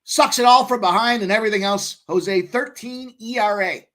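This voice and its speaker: Male co-host, higher voice, brash, cursing, hyped betting talk. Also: moderate pace, sharp tone. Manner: brash, profane, hyped and boastful. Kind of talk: casual sports betting chat.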